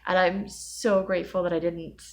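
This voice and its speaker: A woman's voice: fairly low pitch, level tone, moderate pace, a little mellow. A young woman recording a personal video diary, emotionally overwhelmed, rambling and self-deprecating with nervous laughs. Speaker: vlogger.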